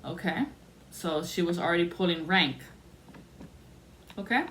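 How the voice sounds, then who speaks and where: A woman's voice: fairly low pitch, measured pace. Blunt woman telling a story. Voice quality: blunt, animated, acts out quoted voices. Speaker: podcast host telling a story. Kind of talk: casual storytelling monologue. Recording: faint background noise.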